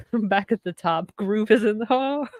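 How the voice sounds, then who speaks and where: A woman co-hosts a podcast in a relaxed, chatty way, laughing easily between points. Her voice sits at a middle pitch and sounds close and dry. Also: takes it slowly, dry recording. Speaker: podcast co-host. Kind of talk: casual chat.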